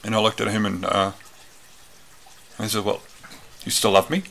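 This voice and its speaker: A man talks through a personal story, circling back with fillers and restarts. His voice sits fairly low but has a bright, forward edge and a gravelly texture. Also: little pitch movement, moderate pace, a little hiss or hum. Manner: rambling, many fillers and restarts. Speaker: retreat speaker.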